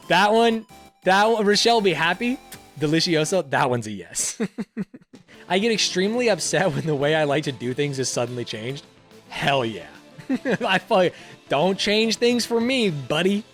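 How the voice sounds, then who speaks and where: Young male content creator, higher voice, expressive, casual and profane quiz-reading commentary. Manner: animated, profane, laughs often. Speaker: YouTuber.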